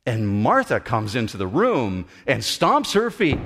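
A man preaching a sermon as pastor, animated and acting out the voices he quotes. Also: medium pitch, unhurried, hardly any pauses, a little hiss or hum. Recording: long hall reverb.

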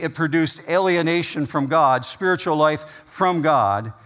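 A man preaching from the pulpit of a church, his voice pitched in the ordinary middle range. He leans hard into key words, slowing and lifting them for emphasis. A long reverb from the big hall trails after every phrase. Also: fairly bright tone. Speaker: pastor. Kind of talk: sermon.

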